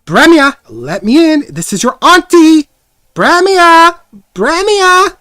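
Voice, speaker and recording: A game master voicing an indignant older aunt who shouts at her locked door and then turns gracious to her helpers. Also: animated, a little slow, dry recording, clean studio sound, natural voice. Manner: shrill, booming, scolding.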